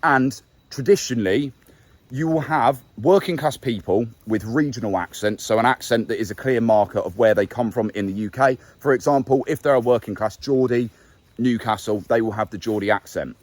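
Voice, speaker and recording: A young English YouTube host with a neutral middle-class accent explains a subject to camera in a casual talking-head style, correcting himself and stressing key words. His voice is medium-pitched at a moderate pace, with no room sound.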